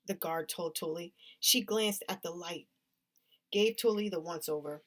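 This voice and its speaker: Female story reader, expressive children's read-aloud, mid-range voice. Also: medium pitch, normal speed.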